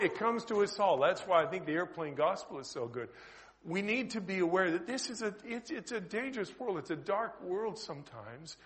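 A middle-aged man with a Canadian accent, preaching a sermon as an Anglican priest and prison chaplain, chatty and lively, swinging between loud bursts and quiet asides. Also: high-pitched. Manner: lively, conversational preaching with sudden loud bursts and soft drops.

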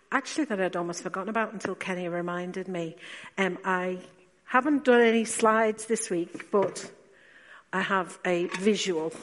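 A woman preacher giving a sermon, speaking slowly and with emphasis, asking rhetorical questions and dropping to quiet asides. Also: medium pitch. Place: church. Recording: long church reverb.

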